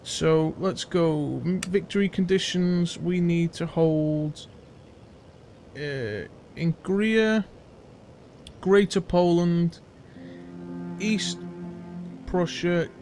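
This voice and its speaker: A man's voice: high-pitched, very slow, long pauses, darkish tone, faint music behind. A man hosting a casual let's play, chatty and self-mocking, thinking aloud as he plays. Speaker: gaming channel host.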